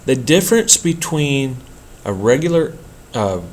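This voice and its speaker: A man teaching a poetry workshop in a measured, explanatory lecture style, with an occasional slip. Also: mid-range voice, very animated. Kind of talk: scripted lecture narration.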